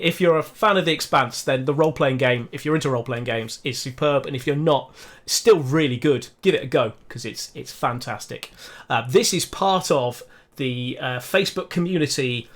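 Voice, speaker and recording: A man's voice: a little high, fairly bright tone. A man running a tabletop role-play game as game master, talking casually with many fillers and restarts.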